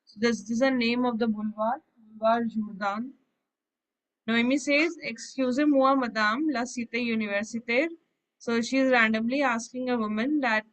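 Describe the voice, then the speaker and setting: A woman's voice: on the high side, rough recording. A woman teaching a French class, reading short phrases and then explaining each one in English. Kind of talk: online language class explanation.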